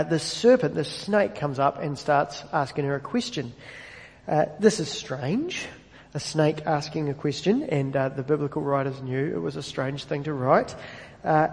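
A man preaching a sermon in a relaxed, conversational way, often restarting words as he goes. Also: fairly high pitch, long reverb tail. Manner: conversational, self-correcting preacher. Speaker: pastor.

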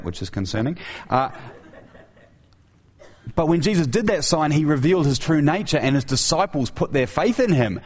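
A man preaching an earnest sermon who asks his listeners rhetorical questions, in a dull, lo-fi recording. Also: mid-range voice.

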